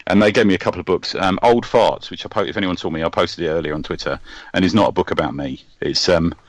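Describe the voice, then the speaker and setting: A man's voice: low voice, fast, no echo. A man hosting a podcast, chatting casually and rambling with lots of ums and restarts. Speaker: podcast host. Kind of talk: casual chat.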